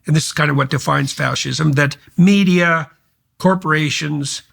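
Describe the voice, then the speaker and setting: A man hosting an interview podcast, arguing emphatically in long, forceful run-on sentences. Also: on the high side, moderate pace, creaky. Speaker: podcast host. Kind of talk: conversational interview.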